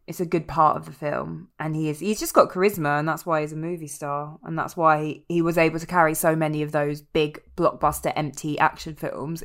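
A woman's voice: deep voice, a bit bright. A woman co-hosting a podcast, jokey and opinionated in casual chat, with casual swearing. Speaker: podcast co-host.

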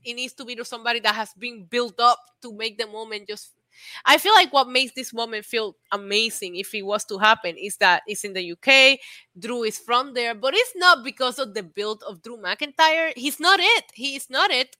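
A woman's voice: a little high, pushed and bright, no room sound. A woman co-hosting a casual wrestling chat, emphatic and mocking, repeating her punchlines. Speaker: co-host.

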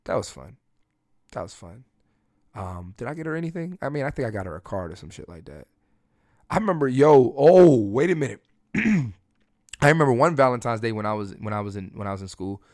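A man's voice: mid-range voice, big pitch swings, fairly quick, darkish tone, no echo, studio quality. A man hosting a podcast, telling candid, crude and joking personal stories in a casual solo chat. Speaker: podcast host.

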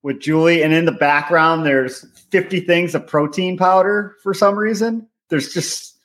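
A man's voice: on the high side, a little slow, a bit bright. A man co-hosting a podcast, blunt and profane in casual chat. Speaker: podcast co-host.

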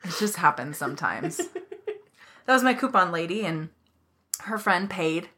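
Young woman podcast co-host, fired-up profane storyteller, lower-pitched and bright. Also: measured pace. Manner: heated, profane, animated storytelling. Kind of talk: casual storytelling chat.

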